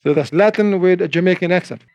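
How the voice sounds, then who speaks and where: High-voiced animated male preacher. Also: fast talker. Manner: animated, acts out voices in quotes. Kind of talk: sermon.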